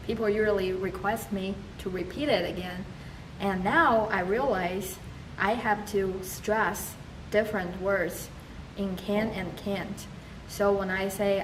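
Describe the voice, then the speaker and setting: A woman with a Chinese accent, a language student speaking carefully and deliberately in an interview testimonial. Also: fairly even intonation. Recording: echoey room, mic at a distance, background rumble.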